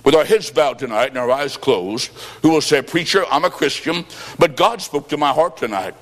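A male preacher delivering a revival sermon, swinging from loud shouts to low, quiet lines. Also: expressive, moderate pace, in a large hall. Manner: preaching with sudden shouts and drops to low tones. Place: church sanctuary.

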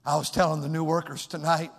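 Preacher guy, high voice, goes from quiet stories to shouting, big echoey church. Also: little pitch movement, quick pace, vocal fry, husky. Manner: swings from soft storytelling to loud shouted exhortation. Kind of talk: sermon. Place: church sanctuary. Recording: long hall reverb.

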